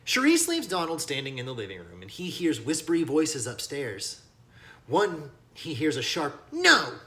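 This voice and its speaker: A man teaching as he reads a children's novel aloud, with lively asides that speak to young listeners. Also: fairly high pitch, moderate pace. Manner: animated, addresses listeners as kiddos. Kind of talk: read-aloud storybook narration with lesson asides.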